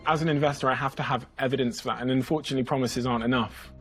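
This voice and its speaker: Young male investor, measured and firm. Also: medium pitch, fairly even intonation, soft background music. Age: young adult.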